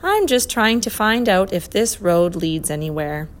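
A woman voicing a clever, kindly male professor in a storybook reading, brisk and reassuring. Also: mid-range voice, animated, natural voice.

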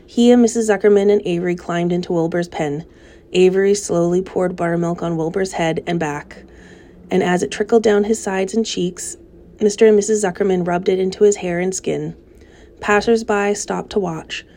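A woman reading a children's novel aloud in a gentle, steady storytelling manner. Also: lowish voice, normal speed. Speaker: narrator.

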